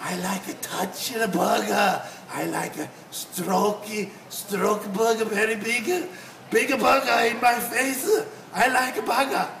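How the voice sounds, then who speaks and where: A man's voice: high voice, fairly even intonation, a little slow, vocal fry, heavily acted. A man playing an odd, overeager group member obsessed with burgers, talking in broken English. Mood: giddy. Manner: broken English, shouty and giddy. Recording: echoey room with noise.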